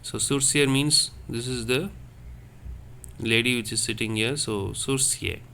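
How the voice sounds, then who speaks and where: Slow, bright-voiced teacher, man. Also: medium pitch, steady tone, a little hiss or hum. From India. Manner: slow, repetitive explaining with self-corrections. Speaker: French teacher. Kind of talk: online class lesson.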